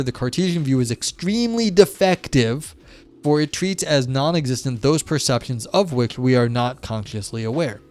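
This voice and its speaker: Reading philosophy aloud during a live stream, a man keeps drifting into rambling commentary packed with fillers like "you know" and "like." He speaks in a mid-range voice with a darkish tone.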